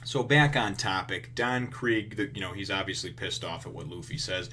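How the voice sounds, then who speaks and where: A man's voice: deep voice, fairly even intonation, normal speed, pushed and bright, slight background noise. A man reviewing a manga chapter in a casual, rambling way, full of fillers and blunt, profane remarks.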